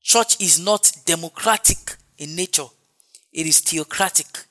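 Emphatic high-pitched male preacher. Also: normal speed, sharp tone. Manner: emphatic, repetitive cadence with exclamations. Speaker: pastor. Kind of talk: preaching a sermon.

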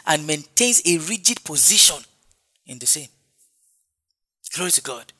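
A man's voice: on the high side, lively intonation, moderate pace, long pauses, pushed and bright. A man preaching a sermon as pastor, with an emphatic, repetitive cadence and frequent exclamations.

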